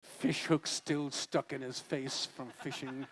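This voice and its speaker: A man's voice: mid-range voice, fairly even intonation, slow pace. A man fronting a band, telling a rambling, jokey and wistful story on stage between songs. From Ireland. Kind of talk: stage banter and storytelling at a live concert. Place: live music venue.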